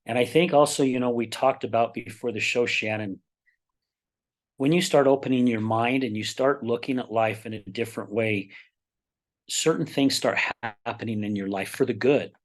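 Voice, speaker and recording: A middle-aged man from Utah, a podcast guest, telling personal stories in a lively way and acting out the dialogue. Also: medium pitch, moderate pace. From Utah, United States. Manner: animated, acts out quoted dialogue in his stories. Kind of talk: personal storytelling in a podcast interview.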